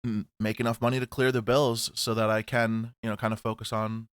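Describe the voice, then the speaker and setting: A man's voice: fairly low pitch, flat delivery, fairly quick, clear, resonant tone, no room sound, clean studio sound. Casual swearing podcast guy. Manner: rambling, swears, laughs loudly. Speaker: podcast co-host. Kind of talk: casual chat.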